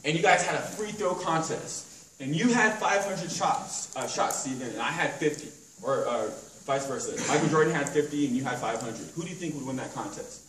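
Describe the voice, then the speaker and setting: A man's voice: a little high, fairly quick, fairly bright tone, slight background noise. A man training a sales team at a meeting, casual and rambling, full of fillers and analogies, recorded from far off in an echoey hotel room.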